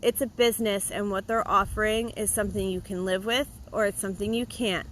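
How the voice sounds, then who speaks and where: A woman who grooms dogs for a living, giving her blunt opinions straight to the viewer in a casual monologue, emphatic and animated. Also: medium pitch, a little fast, slight background noise, rough recording. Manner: animated, mocks complaints in a put-on voice. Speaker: dog groomer and video host.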